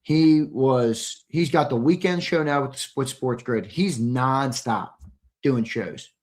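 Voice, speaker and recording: A man's voice: medium pitch, slow, darkish tone. A young man co-hosting a live sports stream, reading the chat in a brash, teasing, profane way, his voice a little strained. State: slightly strained voice.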